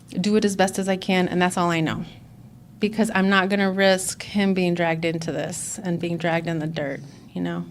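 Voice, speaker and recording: A woman's voice: lowish voice, flat delivery, moderate pace, a little hiss or hum. Candid woman sharing her recovery story. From Chicago. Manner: candid, reflective, many fillers and restarts. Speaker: conference speaker. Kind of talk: personal recovery share.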